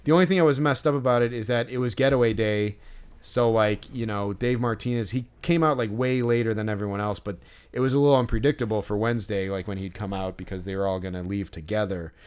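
A man's voice: fairly low pitch, quick pace, darkish tone, clear, resonant tone. A man co-hosting a podcast who tells a story in casual chat, rambling with many fillers and swearing freely. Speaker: podcast co-host.

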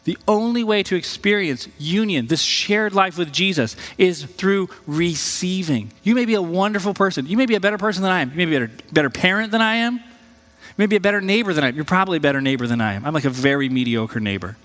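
A high-voiced man, a pastor, gives a conversational and animated sermon. He leaps up in pitch when he voices quoted people. His voice rings with long reverb, as in a large hall. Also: fast talker.

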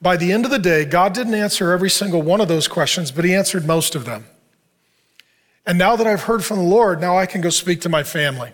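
A middle-aged pastor preaches in an earnest, conversational way, speaking to a men's group. He has a slightly higher-pitched voice and tells a personal story in a plain, down-to-earth manner. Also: expressive, fairly quick, fairly bright tone.

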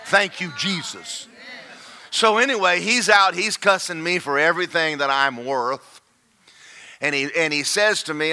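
An older man preaching, telling a folksy story with laughter and rising to shouts. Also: a little high, unhurried. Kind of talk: sermon storytelling.

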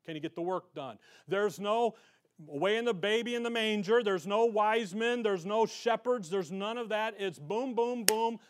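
A man with a notably high voice leads an evening Bible study. He talks in a casual, folksy way, drops slangy asides, and hits his main points with strong emphasis. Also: moderate pace, clean tone. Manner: emphatic when stressing key points. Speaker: Bible teacher.

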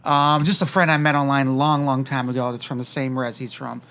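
Fast-talking excitable man chatting. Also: mid-range voice. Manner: excited, swearing, quick rambling. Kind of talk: casual chat.

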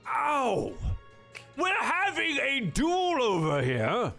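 A man's voice: extremely high pitch, wildly swooping pitch, slow, vocal fry, pushed and bright, faint music behind, voice pushed up, exaggerated voice. A man voicing a large male fiend in a tabletop game, talking with fussy, indignant politeness. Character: large male fiend, pompous and easily stung.

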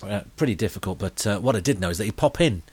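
Deadpan British man telling rambling stories. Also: on the low side, fast talker, husky. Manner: deadpan, rambling anecdotes with many fillers. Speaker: podcast co-host telling comic stories. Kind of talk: comedic podcast chat.

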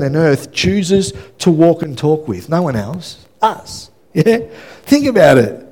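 A male pastor, preaching a sermon and telling an animated story, acting out the dialogue and often checking in with "yeah?". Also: fairly high pitch, takes it slowly, breathy edge. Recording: reverberant hall.

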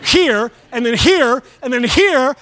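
A man's voice: very high voice, animated, slow, a bit bright. A man preaching a sermon as pastor, with a folksy, emphatic delivery that acts out prayers.

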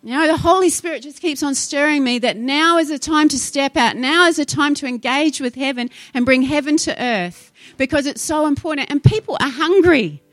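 A woman's voice: high voice, moderate pace, hardly any pauses, no room sound, faint music behind. A woman preaching a sermon, fervent and exhorting, rising into urgent appeals to her congregation.

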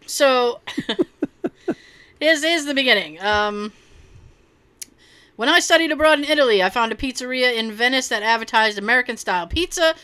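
A woman's voice: fairly high pitch, expressive, normal speed, long pauses, sharp tone, smooth. A woman co-hosting a casual podcast, reading listener stories aloud, often laughing and swearing casually. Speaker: podcast co-host.

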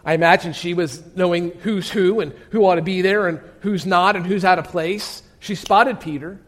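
High-voiced preacher telling a story. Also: male voice, steady tone, moderate pace. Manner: dramatic storytelling, dropping to hushed tones; asks the listeners direct questions. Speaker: pastor. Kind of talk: sermon.

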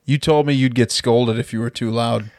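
A man's voice: medium pitch, steady tone, normal speed, no room sound, clean studio sound. A man co-hosting a podcast, joking and teasing his friends in casual banter. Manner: joking, teasing, laughs often. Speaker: podcast co-host.

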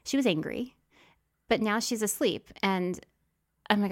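A woman in casual podcast chat, spinning an anecdote with lively energy. She acts out what each person said and talks at a middling pitch. Her tone is easy and conversational. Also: measured pace, pauses often. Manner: animated, acts out voices, laughs often. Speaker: podcast co-host.

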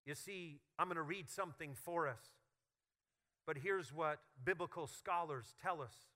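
Animated, bright-voiced male pastor. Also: on the high side, unhurried. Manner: humorous, animated storytelling. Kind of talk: sermon.

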